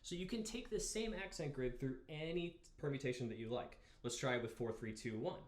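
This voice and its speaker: A young man teaching marimba, talking through exercises in a relaxed way and counting beats aloud. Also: mid-range voice, a little fast. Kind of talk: instructional music lesson. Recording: roomy practice space with marimba. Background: marimba playing.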